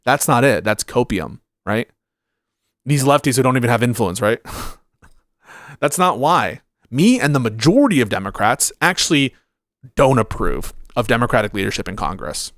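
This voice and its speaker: A man's voice: medium pitch, big pitch swings, moderate pace, fairly bright tone, no echo. A man doing live political commentary on stream in a dry, close sound. He talks bluntly and swears freely, rambling as he scrolls for comments. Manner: blunt and profane, rambling while searching comments. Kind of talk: livestream commentary reading chat.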